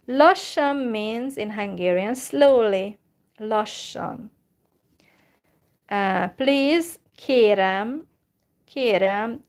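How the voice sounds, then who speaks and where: Slow, careful woman teaching phrases. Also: a little high, expressive. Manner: slow and careful, repeats phrases, many fillers. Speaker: language teacher. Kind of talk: slow informal language lesson.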